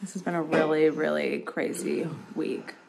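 A woman's voice: low voice, fairly even intonation, moderate pace, gravelly, noisy background. A woman hosting a family vlog, earnestly thanking viewers and announcing merchandise. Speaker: YouTube host.

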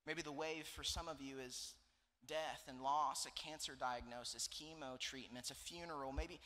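A male pastor in his thirties delivers a sermon with animated, joking storytelling. His voice sits a little high and sounds very bright and forceful, with a long reverb tail from a large church hall. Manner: animated storytelling with laughs and asides. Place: church auditorium.

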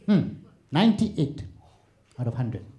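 A man doing a shrill nagging Asian parent. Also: very animated, slow, heavy background noise. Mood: scolding. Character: strict scolding middle-aged Asian parent.

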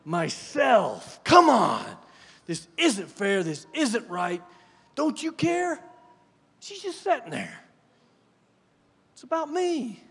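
A man voicing a frazzled, put-upon woman host who complains loudly and shouts in exasperation. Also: very high voice, wildly swooping pitch, takes it slowly, gravelly, long pauses, husky, voice pushed up, exaggerated voice. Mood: exasperated. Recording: long church hall reverb.

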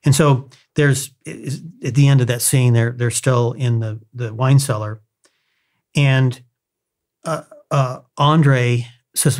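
A man of middle pitch co-hosts a casual podcast about a novel. He reads long passages aloud and breaks off into friendly anecdotes. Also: steady tone, slow pace, a little mellow. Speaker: podcast co-host. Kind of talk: casual book discussion with read-aloud passages.

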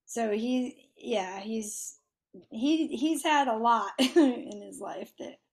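A woman's voice: fairly high pitch, takes it slowly, vocal fry. A woman hosting a casual faith conversation, chatty, with many fillers and restarts. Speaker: podcast host.

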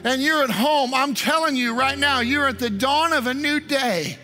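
Pastor, male, high and bright, earnest sermon delivery over soft music. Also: normal speed. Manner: earnest preaching with prayerful asides. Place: church. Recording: online service stream with music.

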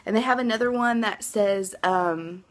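A woman's voice: mid-range voice, normal speed. A young woman chatting casually to her phone camera at home, rambling with lots of fillers. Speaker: vlogger. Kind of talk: casual vlog chat.

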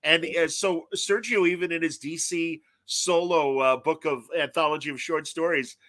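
A man's voice: on the high side, moderate pace, no room sound. A man in his fifties, a guest telling stories in casual chat and acting out quotes. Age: 50s. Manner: animated storyteller acting out quotes.

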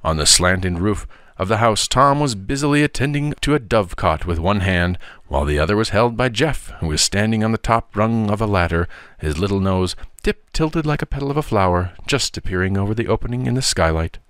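A man reads an audiobook story aloud with a lively, expressive delivery. His voice sits fairly low, and the recording is dry and close. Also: brisk, clean tone, dry recording. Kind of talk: audiobook narration.

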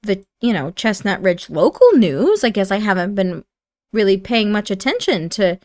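A woman's voice: mid-range voice, sing-song, moderate pace, a little mellow, no room sound, close to an everyday voice. A woman voicing a gushing, doting mom. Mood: soothing. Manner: gushing, reassuring. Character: doting middle-aged mother, gushing and soothing. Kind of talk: improvised character voicing over gameplay.

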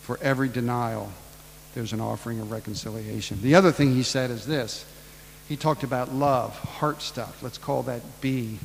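A man's voice: medium pitch, moderate pace, creaky, big-room sound, a little hiss or hum, poor audio. A man preaching a casual storytelling sermon, ad-libbing and acting out the people in the tale. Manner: casual, ad-libbing retelling with acted-out voices.

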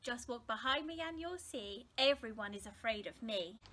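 A woman voicing a small, clever male mouse in a storybook, quick and boastful. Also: on the high side, animated, sharp tone. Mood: plucky.

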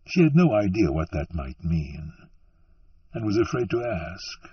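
Slow, husky male audiobook narrator. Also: low voice, animated, far from the mic. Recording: muffled, dry, from off-mic.

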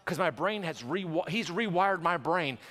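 High-voiced pastor preaching in a hall. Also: male voice. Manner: animated and conversational, with quick restarts and jokes. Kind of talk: sermon. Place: church sanctuary. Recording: long church hall reverb.

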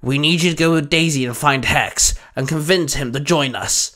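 A man's voice: on the high side, normal speed, bright, forceful tone. A man voicing a stern old alien mentor. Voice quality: firm, snappish.

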